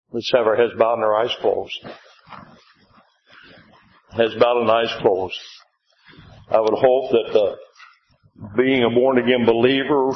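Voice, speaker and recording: An older man preaching a revival sermon in a church, mid-pitched, leaning on call-and-response with the congregation. The sound is roomy and a bit dull, the way a sanctuary recording comes across. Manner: call-and-response "amen?", rising to excited shouts when retelling.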